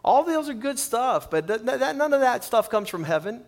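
A middle-aged man preaching a sermon with animated, quick bursts and repeated words. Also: extremely high pitch.

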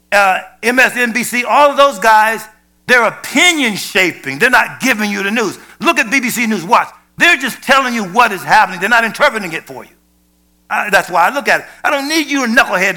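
Man, sermon, emphatic, loud peaks and quiet asides, high voice, sharp tone. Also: expressive, fairly quick. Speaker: preacher.

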